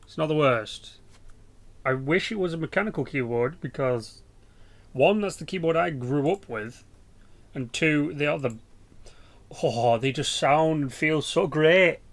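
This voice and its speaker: Casting note: young English man, gravelly edge, pitched a touch high, rambling sweary gaming banter. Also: unhurried, long pauses. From England. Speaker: gaming YouTuber. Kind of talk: casual game commentary.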